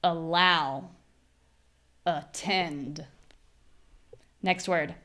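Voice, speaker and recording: American woman, live pronunciation teacher, clear and patient, punches stressed syllables when demonstrating. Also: medium pitch, animated, moderate pace. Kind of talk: live online class.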